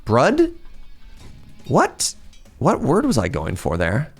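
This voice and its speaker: A man giving casual, excitable commentary while streaming a video game and chatting with his viewers. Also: mid-range voice, slow pace, slightly rough, faint music behind. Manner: excitable, chatty, talks to chat.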